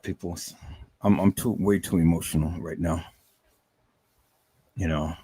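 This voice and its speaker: A man's voice: deep voice, fairly even intonation, unhurried, pauses often, mellow, husky. A man hosting a livestream, talking emotionally and emphatically, repeating words and stammering as he addresses his viewers as "people". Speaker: live stream host.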